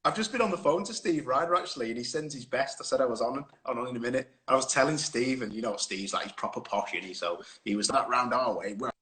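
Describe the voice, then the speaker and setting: A man in easygoing conversation, spinning long, rambling anecdotes and breaking into laughter. His voice sits at an ordinary middle pitch, heard through a phone on a live stream. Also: lively intonation, fast, hardly any pauses, sharp tone. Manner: chatty anecdotal storyteller, laughs often. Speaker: guest. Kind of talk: casual chat on a live stream. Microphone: phone on a video stream.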